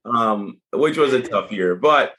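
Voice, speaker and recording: A middle-aged man appears as a podcast guest, casually telling stories at a slow pace in a medium-pitched voice. He's animated and acts out the things people said.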